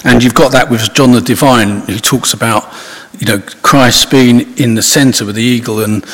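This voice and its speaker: A man's voice: medium pitch, steady tone, moderate pace, a bit bright. A man giving an informal, conversational sermon, rambling with restarts and asides. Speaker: preacher. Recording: husky voice in long hall reverb.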